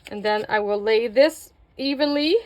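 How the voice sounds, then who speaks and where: A middle-aged woman with a somewhat high voice walks viewers through a craft project at home. She chats as she works and pokes fun at her own mistakes. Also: moderate pace, a little mellow. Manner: chatty, self-mocking, talks to viewers while working. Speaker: craft video host. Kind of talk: casual craft tutorial.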